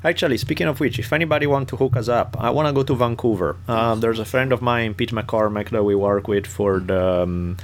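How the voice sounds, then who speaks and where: A man's voice: mid-range voice, fairly even intonation, brisk, hardly any pauses. A man hosting a podcast, chatting casually with a wry, joking manner. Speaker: podcast host. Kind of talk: casual chat.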